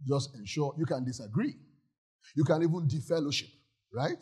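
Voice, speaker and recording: A man's voice: fairly high pitch, lively intonation, normal speed, a little mellow, husky. A male pastor preaching a sermon in a church, emphatic and often asking the congregation if they follow.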